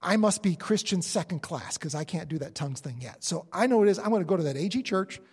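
A man preaching a sermon in an animated way, acting out the inner voices of believers. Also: sits high, fast, slightly rough. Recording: long hall reverb.

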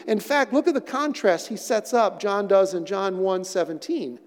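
Man preaching, high voice, emphatic repeated words, long hall reverb. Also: a little mellow. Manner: expository preaching, dramatic pauses and emphatic repetition. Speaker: pastor. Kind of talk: sermon.

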